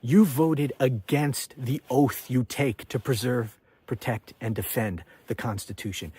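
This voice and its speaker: A man's voice: medium pitch, darkish tone, husky. A man, a political commentator, delivering an angry, accusatory rant with repeated refrains.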